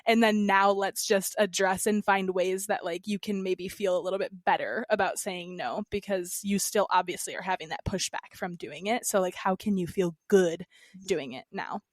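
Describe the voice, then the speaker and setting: A young woman speaks as a podcast guest, rambling casually and leaning on filler words. Her voice sits at an ordinary pitch. The sound is close and dry. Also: steady tone, normal speed, no echo. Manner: rambling, heavy use of "like" fillers. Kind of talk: casual interview chat.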